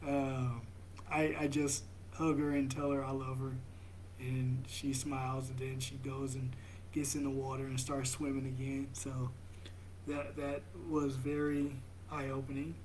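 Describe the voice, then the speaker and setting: A young father talking slowly and reflectively, with halting restarts and soft laughs. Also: a little high. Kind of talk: reflective vlog monologue.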